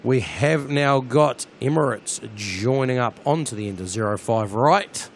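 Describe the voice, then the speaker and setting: A man with a New Zealand accent, hosting a live plane-spotting stream, chatty and excitable as he talks to his viewers outdoors at an airport. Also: medium pitch, measured pace, a little hiss or hum.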